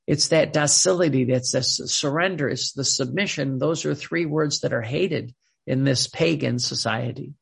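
A man preaching a sermon in an earnest, halting way, often repeating words as he searches for the next thought. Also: on the high side, creaky, slightly rough.

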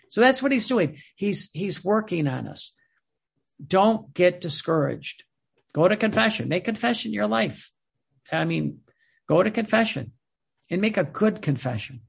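A man's voice: high-pitched, very animated, measured pace, creaky, breathy edge. A man preaching a sermon in a fervent way, repeating words and phrases for emphasis.

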